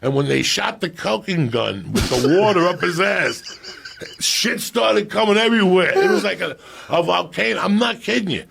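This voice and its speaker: A middle-aged man with a gravelly, husky voice telling a profane comic story on a podcast, animated and loud at times, hushed at others. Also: high-pitched, moderate pace, slight background noise.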